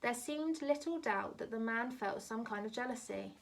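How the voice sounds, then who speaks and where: Gravelly teacher reading a story aloud. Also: female voice, a little high, expressive, normal speed, far from the mic.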